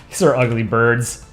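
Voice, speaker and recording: Man, stream host, easygoing and rambling while he draws, mid pitch, roomy echo, soft music under him. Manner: rambling, offhand, chuckling, thinking aloud. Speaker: livestream host drawing. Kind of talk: casual livestream chat while drawing.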